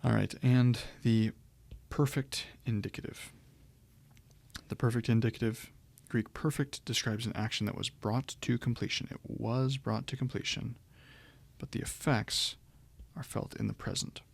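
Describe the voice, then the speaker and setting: A man's voice: medium pitch, steady tone, measured pace, gravelly. A man teaching Greek grammar in a recorded lecture, explaining step by step with frequent ums and restarts.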